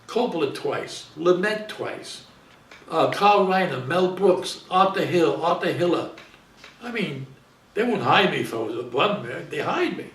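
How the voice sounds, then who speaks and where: A man's voice: fairly high pitch, lively intonation, measured pace, fairly bright tone, far from the mic. An older man, an actor telling rambling anecdotes in a casual interview, repeating and interrupting himself. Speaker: guest actor. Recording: roomy sound from off-mic, faint hiss.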